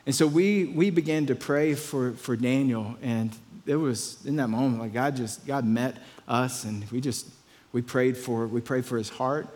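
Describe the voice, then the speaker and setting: A man's voice: mid-range voice, fairly even intonation, unhurried, few pauses, darkish tone, in a large hall. A pastor telling a story in a conversational sermon, often repeating his words.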